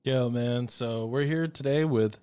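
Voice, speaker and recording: This is a man in casual conversation, telling a story with lively energy. He swears freely and acts out what people said. His voice sits at an ordinary middle pitch. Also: a little slow, clear, resonant tone. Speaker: podcast guest. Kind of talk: casual chat.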